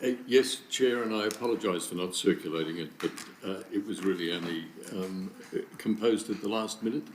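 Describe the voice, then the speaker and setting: A male councillor speaks in a somewhat low voice, hesitant and halting as he works through wording. The council chamber sounds roomy and echoey, with faint ambience behind. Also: a little hiss or hum. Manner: hesitant, halting, full of fillers. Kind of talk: meeting debate.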